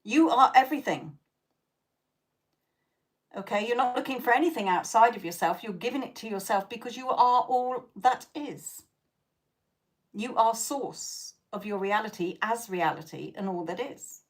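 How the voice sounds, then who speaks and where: A woman's voice: fairly high pitch, normal speed. Blunt, laughing woman psychic host. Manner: blunt and profane, laughing often; coaching, repeats "okay?" to check in. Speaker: psychic tarot reader hosting a live stream. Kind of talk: casual live-stream chat with viewers.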